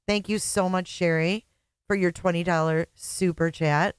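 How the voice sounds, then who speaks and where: A woman's voice: lowish voice, fairly even intonation, unhurried, clear, resonant tone, no echo, clean studio sound. A woman hosting a livestream, chatting casually, sarcastic and mocking, often laughing. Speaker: livestream host.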